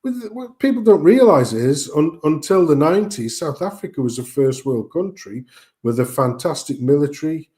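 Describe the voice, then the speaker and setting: A man's voice: a little high, expressive, normal speed, mellow. A middle-aged man, telling rambling family anecdotes in casual chat, joking and swearing as he goes.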